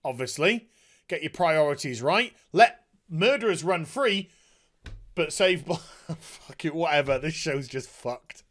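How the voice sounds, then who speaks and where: A man's voice: a little high, lively intonation, a little slow, a bit bright. A man reviewing a TV episode in a sarcastic, exasperated rant, swearing freely. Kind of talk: ranting show review.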